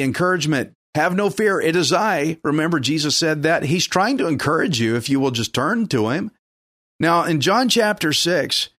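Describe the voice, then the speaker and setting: A man's voice: a little high, fairly bright tone, dry recording, clean studio sound. A man preaching a sermon in an urgent, emphatic, exhorting way.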